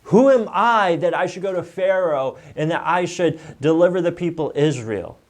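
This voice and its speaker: A man's voice: fairly high pitch, expressive, normal speed, pitched above the performer's own voice, close to an everyday voice. A man voicing a reluctant, unsure Moses in a Bible lesson, in a raised, incredulous tone.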